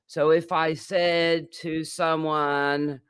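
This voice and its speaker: A man's voice: a little high, flat delivery, extremely slow, a bit bright, clean tone, no echo, studio quality. A man teaching an English grammar lesson, patiently explaining with many examples and occasional fillers.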